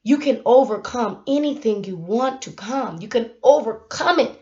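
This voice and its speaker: A young woman, giving a casual motivational talk to her camera, animated and laughing, with sudden loud bursts. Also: fairly high pitch, normal speed. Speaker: YouTube vlogger. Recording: dull lo-fi sound.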